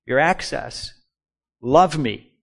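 This man delivers a sermon as pastor with lively intonation and a creaky voice. He swings from hushed, low musing to loud, slow emphasis and guides the congregation through call-and-response.

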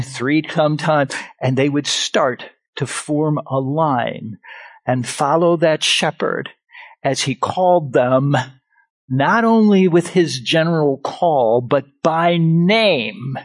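A man preaching a sermon on scripture, animated and expressive, calling out like a shepherd at times. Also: slow, no echo. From grew up on a farm. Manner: animated, swings pitch, acts out shepherd calls.

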